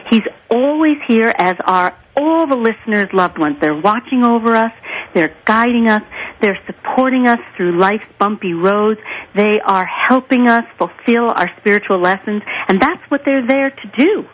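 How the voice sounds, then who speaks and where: A woman's voice: mid-range voice, expressive, normal speed, lo-fi sound, slight background noise. A woman guest on a radio show, telling stories in an emphatic, earnest way. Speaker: guest therapist and author. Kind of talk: radio interview.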